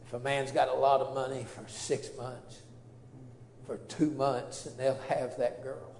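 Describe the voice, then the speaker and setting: A man's voice: medium pitch, level tone, measured pace, darkish tone, slight background noise. A man, a preacher telling an earnest, emotional testimony story. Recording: roomy echo.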